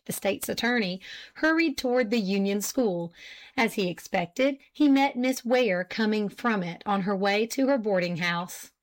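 A woman narrating a classic novel as a volunteer audiobook reader, in a measured, even storytelling manner. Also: mid-range voice. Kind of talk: scripted narration.

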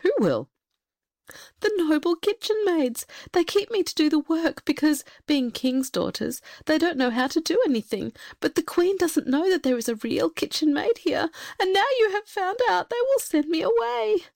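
A woman voicing a timid young kitchen maid, high and pleading, in a storybook reading. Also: very animated, normal speed, hardly any pauses, darkish tone, dry recording, clean studio sound. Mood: tearful pleading.

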